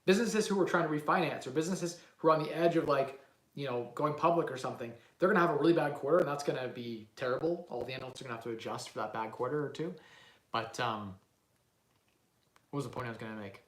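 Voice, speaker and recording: A man's voice: medium pitch, fast talker, echoey room. A man, rambling animatedly through a casual live-stream Q&A as a real estate investing host. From Canada. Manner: rambling, animated, lots of "like" and "right?".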